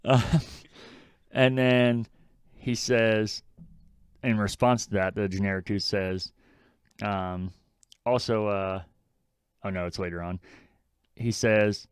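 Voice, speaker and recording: Smooth-voiced man in casual chat. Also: on the low side, fairly even intonation, slow pace, long pauses, dry recording. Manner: blunt, swears freely, quotes lines mockingly. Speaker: podcast co-host.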